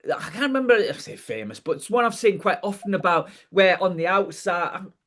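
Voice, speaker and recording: A man's voice: high voice, expressive, a little fast, fairly bright tone. A man co-hosting a podcast, chatting in a supportive, rambling way with many restarts. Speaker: podcast co-host. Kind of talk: casual chat.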